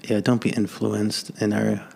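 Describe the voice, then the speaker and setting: A man speaking off the cuff as a podcast guest, halting with many restarts. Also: on the low side, flat delivery, creaky, a little mellow, slightly rough. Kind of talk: off-the-cuff conversation.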